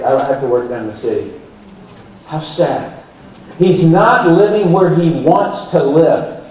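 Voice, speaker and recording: A man with a fairly high voice addresses a conference crowd, telling animated stories and putting on voices for the people he quotes. He sounds distant from the mic, and his voice rings through a big, echoey hall. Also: a little hiss or hum. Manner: animated storyteller who acts out quoted dialogue. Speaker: conference speaker. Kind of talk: live motivational talk. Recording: very echoey hall, heard from far off. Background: audience laughter.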